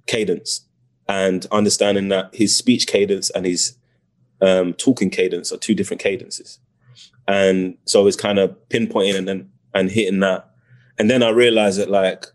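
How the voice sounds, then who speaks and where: Soft-spoken British man, low voice. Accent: British English. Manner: reflective, searching for words with restarts, bursts of excitement. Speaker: actor, guest. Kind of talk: casual interview talk.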